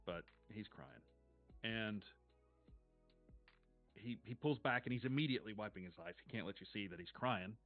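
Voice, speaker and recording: A man running a tabletop role-playing game as game master, narrating in a measured, descriptive way with casual swearing. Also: lowish voice. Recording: dull lo-fi stream audio with faint music.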